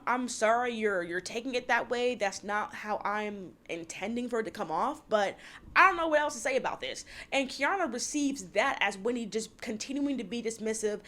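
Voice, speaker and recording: A woman giving a casual, gossipy recap of a reality TV episode, acting out the cast's lines and laughing often. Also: a little high. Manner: animated, gossipy, quotes cast members in voices, laughs often.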